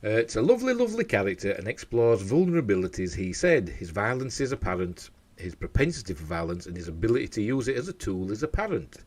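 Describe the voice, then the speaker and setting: Hosting a casual news show from home, a man reads out stories and rambles into chatty asides, often stumbling over his words. His voice is fairly low and a bit dark, fast-paced, with big swings in pitch.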